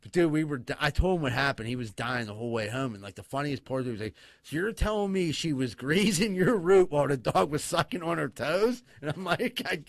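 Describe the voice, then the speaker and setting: A man's voice: a little high, fairly quick. A man spinning a rowdy story on a casual podcast, swearing freely and getting worked up as he goes. He laughs his way through it. The sound is dry and close, with no room echo. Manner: profane, excitable, laughing storyteller. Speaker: podcast co-host.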